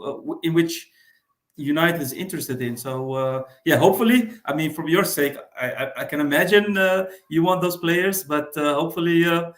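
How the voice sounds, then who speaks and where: A man, a fan guest on a panel, talking thoughtfully with many pauses. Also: fairly high pitch, fairly bright tone. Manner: thoughtful, hesitant with fillers. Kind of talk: casual panel discussion. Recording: roomy echo.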